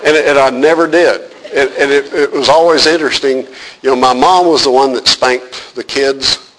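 A man's voice: medium pitch, fairly even intonation, normal speed, fairly bright tone, rough recording. A man preaching a sermon as a pastor, talking conversationally with fillers and asking the congregation questions.

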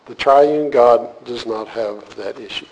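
The audio is noisy with the highs cut off as a medium-pitched man talks slowly to his church class. He teaches in a casual, joking manner before shifting to an earnest tone to explain something, like an informal sermon for a live group.

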